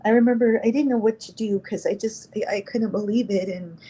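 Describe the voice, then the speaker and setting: A woman's voice: medium pitch, mellow, husky, low-quality recording. Middle-aged woman retelling an emotional story. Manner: halting, emotional, reenacts dialogue. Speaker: interview guest. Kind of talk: personal storytelling in an interview.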